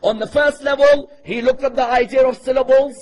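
A man preaching to a live audience, quizzing them with rhetorical questions and chanting Arabic verses quickly. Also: very high voice, fairly even intonation, a little mellow, poor audio. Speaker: Islamic preacher. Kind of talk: sermon.

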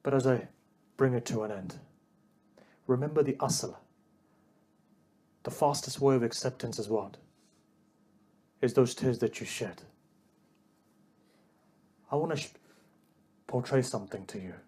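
A man's voice: mid-range voice, measured pace, long pauses, mellow, slightly rough. A man delivering an emotional religious sermon, addressing the congregation directly and building to a raised, pleading delivery. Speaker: preacher.

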